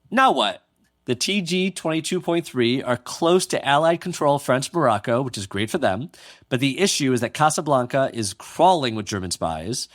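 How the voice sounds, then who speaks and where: A man hosts a podcast and tells a history story in easy, conversational tones. He reads quotes aloud and drops playful jokes along the way. His voice sits at an ordinary middle pitch. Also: a bit bright, dry recording, studio quality. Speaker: podcast host. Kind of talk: casual storytelling chat.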